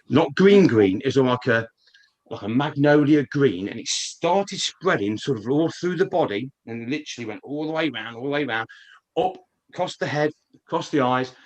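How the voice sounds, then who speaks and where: A man, rambling through a casual story with frequent swearing and restarts, speaking as a guest on a live online stream. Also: mid-range voice.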